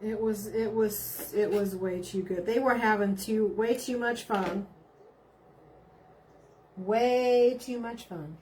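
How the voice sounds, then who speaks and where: A woman's voice: medium pitch, slow, darkish tone, a little hiss or hum. A middle-aged woman, chatting casually on a live stream and reading out viewer comments, bubbly and giggly. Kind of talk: casual chat.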